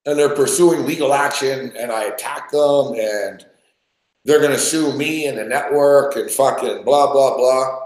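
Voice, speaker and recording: Unhurried and with a darkish, medium-pitched voice, a man hosts a podcast and rambles through a story in casual conversation, swearing a lot. His voice carries a roomy echo.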